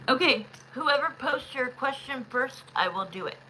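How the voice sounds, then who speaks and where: A woman hosting a live tarot stream, chatting in an excitable way and speaking straight to her viewers. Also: high-pitched, moderate pace, few pauses, a little hiss or hum, low-quality recording. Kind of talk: casual live-stream chat.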